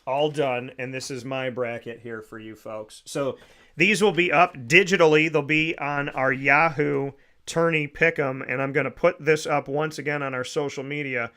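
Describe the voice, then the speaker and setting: Guy hosting a sports talk show, chatty and upbeat, mid-pitch voice. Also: fairly even intonation, moderate pace, pushed and bright.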